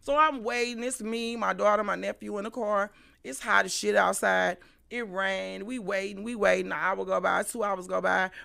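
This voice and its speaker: Middle-aged St. woman hosting a stream, sharp-toned, profane, animated storytelling. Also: medium pitch, moderate pace, vocal fry. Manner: animated, profane, swings between loud and hushed. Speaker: livestream host. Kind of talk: casual storytelling monologue.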